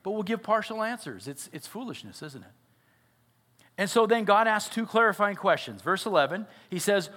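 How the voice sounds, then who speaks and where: A man's voice: sits high, very animated, moderate pace, sharp tone. A father and pastor preaching a sermon, earnest and often asking his listeners questions. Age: adult father. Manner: earnest, asks the audience questions.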